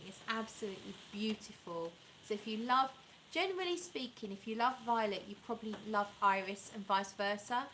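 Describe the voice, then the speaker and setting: A woman's voice: medium pitch, fairly bright tone, a little hiss or hum, low-quality recording. A woman vlogging casually about perfumes, chatty and enthusiastic, rambling and correcting herself as she reads viewer comments. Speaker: fragrance vlogger. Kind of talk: casual chat reviewing perfumes and reading live comments.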